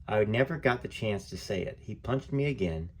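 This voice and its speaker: A man's voice: fairly low pitch, expressive, normal speed. A man reading a memoir aloud as a channel host, chatty, with fillers and self-corrections. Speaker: book reader and channel host.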